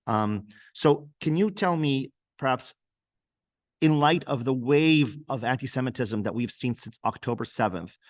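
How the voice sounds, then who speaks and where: A man's voice: medium pitch, dry recording, studio quality. A middle-aged man whose first language is French, hosting a conversation as a cantor and making his points earnestly and emphatically. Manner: earnest, emphatic, repeats himself as he builds a point. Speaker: cantor and host. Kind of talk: conversational interview.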